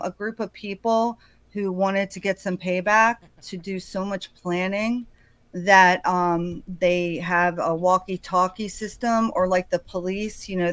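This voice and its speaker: A woman hosting a true-crime commentary, talking in a speculative, conversational and often hushed way. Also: lowish voice, no room sound, low-quality recording. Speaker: host.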